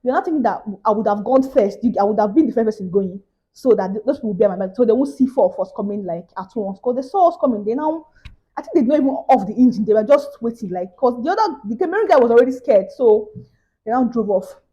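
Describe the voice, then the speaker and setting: Fast-talking husky Nigerian young woman. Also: fairly high pitch, rough recording. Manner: animated storytelling, acting out quoted voices. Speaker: vlogger. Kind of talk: casual storytime vlog.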